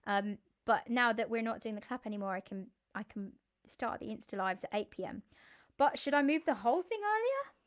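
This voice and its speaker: Giggly high-voiced woman chatting. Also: lively intonation, a little fast. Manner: chatty, giggly, thanks viewers by name. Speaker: musician hosting a live stream. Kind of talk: casual chat with viewers.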